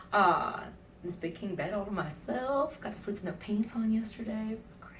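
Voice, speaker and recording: A woman vlogging from a hotel room, telling her travel stories in a chatty, animated way, with whispered asides now and then. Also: mid-range voice, normal speed, recorded from a distance, slight background noise. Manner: chatty, animated, acts out quoted lines, drops into whispered asides. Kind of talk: casual travel vlog storytelling.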